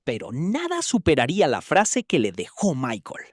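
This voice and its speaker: A woman's voice: sits low, wildly swooping pitch, brisk, background noise. A woman giving scripted voice-over narration with dramatic emphasis.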